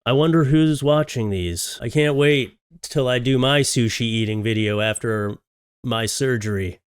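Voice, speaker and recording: A man's voice: mid-range voice, a little slow, clean tone, no echo, studio quality. A man hosting a comedic reaction commentary on viral videos, joking with sarcastic asides.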